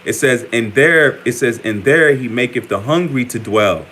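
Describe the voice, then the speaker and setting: A man's voice: mid-range voice, background noise. An American man preaching informally, reading scripture aloud and talking in a loose, conversational way, often restarting words and tagging sentences with "man". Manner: conversational, repeatedly says "man", frequent stammers and restarts. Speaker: preacher giving an online update.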